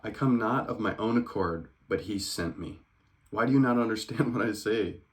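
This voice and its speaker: A calm, earnest teacher, read aloud by a man in a low, deep voice. It is a casual scripture reading, plain and unforced, and it speeds up now and then. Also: normal speed, close to an everyday voice.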